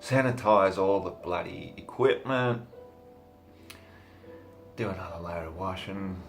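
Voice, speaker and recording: An Australian man giving a crude, rambling comic monologue to camera, swearing freely with deadpan humor. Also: low voice, unhurried, creaky, soft background music. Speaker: vlogger.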